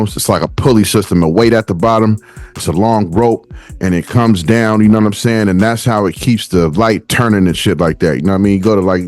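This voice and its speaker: A man's voice: lowish voice, a little mellow, dry recording. Middle-aged male podcast host, winded, loose rambling delivery, dry close sound. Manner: loose, rambling, peppered with "you know what I'm saying". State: out of breath. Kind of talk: casual solo podcast talk. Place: home setup beside a watch box.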